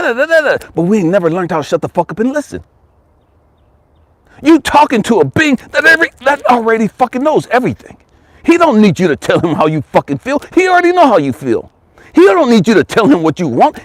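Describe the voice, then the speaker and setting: Husky, fired-up motivational man. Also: high voice, dry recording. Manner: profane, emphatic, repeats phrases, swings from loud to hushed. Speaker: life coach and motivational speaker. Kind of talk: impassioned motivational monologue.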